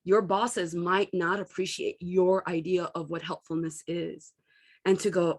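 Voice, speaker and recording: A woman's voice: lowish voice, a little slow. A middle-aged woman giving a candid self-help talk as a coach, telling personal stories and acting out what people said. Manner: candid, storytelling, animated quoting.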